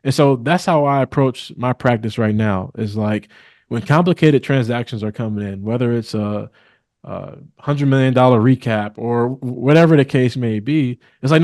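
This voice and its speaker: A man's voice: mid-range voice, darkish tone, no echo. Earnest man speaking on a dry mic. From Milwaukee, Wisconsin. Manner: earnest, measured, many restarts. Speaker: guest, real estate attorney. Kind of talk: interview conversation.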